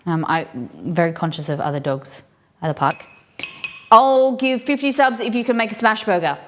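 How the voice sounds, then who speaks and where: A woman's voice: mid-range voice, lively intonation, moderate pace, a bit bright, a little hiss or hum. Woman, cooking stream host, loose rambling chat, faint pan and dish clatter in the kitchen. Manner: chatty, rambling storyteller with frequent fillers. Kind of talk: casual chat while cooking. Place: home kitchen.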